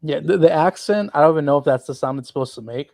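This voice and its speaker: A man's voice: on the high side, animated, quick pace, creaky, a little mellow, dry recording, clean studio sound. A young man chatting casually on a podcast about the history of his channel, loose and rambling, swearing freely. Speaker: channel co-founder.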